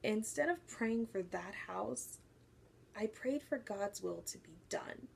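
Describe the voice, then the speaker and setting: Gal vlogging her faith journey, bit of a gravelly voice, acts out the quotes, faint hiss in the back. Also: mid-range voice, animated, slow pace. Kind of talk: personal testimony to camera.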